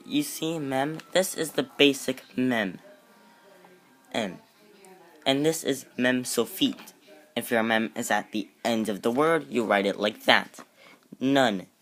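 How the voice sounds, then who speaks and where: Man, slow pace, casual lesson, self-correcting, playful asides. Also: medium pitch, fairly bright tone, soft background music. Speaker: amateur teacher.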